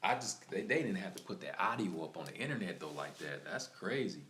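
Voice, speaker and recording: A man with a very deep voice tells a story to his stream in a loose, rambling way, circling back over the same points. His voice rings around a bare room with plenty of echo, and a faint hum sits underneath. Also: animated, brisk, a bit bright. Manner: rambling, repeats himself, lots of "like" and "man". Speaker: live streamer. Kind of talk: casual storytelling to stream viewers. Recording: echoey room with faint ambient noise.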